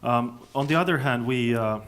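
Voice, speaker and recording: Halting male conference speaker. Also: medium pitch, a bit bright. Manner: thoughtful, halting, with many restarts. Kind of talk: answering audience questions. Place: conference hall.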